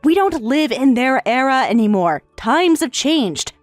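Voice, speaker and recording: A woman's voice: high-pitched, sing-song, unhurried, dry recording, faint music behind. Synthetic woman voice as a defiant young wife. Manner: firm, pointed replies. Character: tired young wife pushing back firmly. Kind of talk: text-to-speech story reading.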